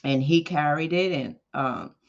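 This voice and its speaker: Preacher, relaxed storytelling sermon delivery, mid-pitched, slightly muffled lo-fi recording. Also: unhurried, gravelly. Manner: conversational storytelling with emphatic exclamations. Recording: dull lo-fi podcast audio.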